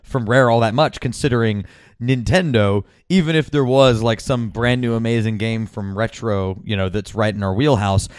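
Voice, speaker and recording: A man's voice: mid-range voice, moderate pace, darkish tone, clean tone, no room sound. A man co-hosting a podcast, talking bluntly and sarcastically, swearing freely in casual chat. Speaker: podcast co-host.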